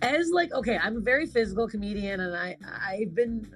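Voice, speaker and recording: A woman's voice: medium pitch, sing-song, brisk. A woman comic actress chatting casually, telling stories animatedly with laughs and swearing. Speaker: comedic actress, guest. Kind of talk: casual chat.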